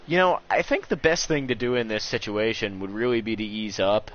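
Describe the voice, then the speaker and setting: A man's voice: brisk, a bit bright. A young man casually commenting on a game as he streams it, joking, sarcastic and swearing freely. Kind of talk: casual let's-play commentary. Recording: muffled low-quality stream audio with faint hiss.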